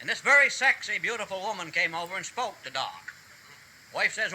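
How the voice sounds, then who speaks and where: A man's voice: high voice, big pitch swings, normal speed. A man telling folksy jokes to a live audience with a chuckling drawl. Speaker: storyteller. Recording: loud noisy hiss.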